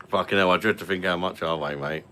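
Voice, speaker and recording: Very deep-voiced man, forceful. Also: slight background noise. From London. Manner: rambling, chatty, full of fillers and repeats. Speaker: live-stream host. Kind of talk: casual live-stream chat.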